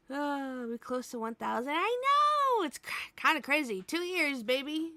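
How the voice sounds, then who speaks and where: American woman, streamer, high bright voice, unhurried casual chat, giggly, tired, dry close sound. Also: very animated, dry recording, soft background music. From United States. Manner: giggly, laughs often, greets viewers by name.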